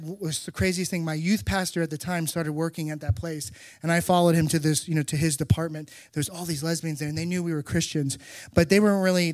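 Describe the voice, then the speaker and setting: Middle-aged male pastor, slightly high voice, lively storyteller, dry close sound. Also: no echo. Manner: animated storytelling with emphatic repetition. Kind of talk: sermon.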